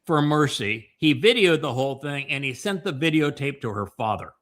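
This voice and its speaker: A man hosting a podcast, talking through casual commentary in a meandering way, with many fillers and restarts and a slower pace on the points he stresses. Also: a little high, lively intonation, a bit bright. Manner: emphatic, slows down on key points. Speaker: podcast host.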